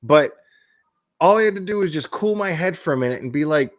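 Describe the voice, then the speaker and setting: Hot-headed male vlogger, casual profane rant, slightly high pitch. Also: lively intonation, a little fast. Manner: blunt, heated and profane, with laughing asides. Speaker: crime commentary YouTuber.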